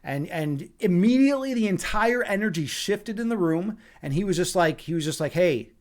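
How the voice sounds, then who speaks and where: A man's voice: high voice, expressive, normal speed. A man hosting a meditation stream, casually telling a rambling story with many restarts. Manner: rambling, frequent restarts and fillers.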